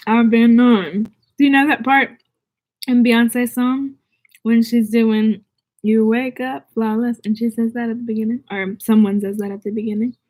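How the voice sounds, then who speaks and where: A young woman vlogger from the southern United States, though without a Southern accent, speaks in a slightly high voice with a darkish tone. She's bubbly and casual on a livestream, reading out viewer comments.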